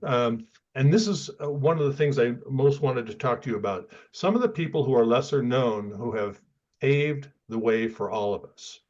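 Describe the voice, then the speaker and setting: A man's voice: medium pitch, animated, moderate pace, a little mellow. Hesitant male interview host, dull lo-fi sound. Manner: hesitant, many uhs and repeated words. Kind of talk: casual interview conversation.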